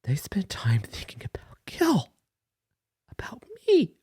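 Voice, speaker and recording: Man doing a weepy gushing male caller, deep husky voice, dry close sound, comedy bit. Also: lively intonation, unhurried, dark tone, dry recording. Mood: emotional overwrought. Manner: weepy, gushing, dramatic apologies. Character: overly sentimental male caller Gil.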